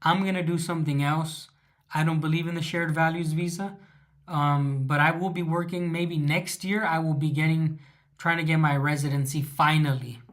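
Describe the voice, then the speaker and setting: A man's voice: fairly high pitch, steady tone, moderate pace, a bit bright. Rambling Chicano-accented man taking questions. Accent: Southern California Chicano English. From Southern California. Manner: rambling, answers chat questions with many ums and restarts. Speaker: livestream host. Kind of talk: casual livestream Q&A. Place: living in Russia.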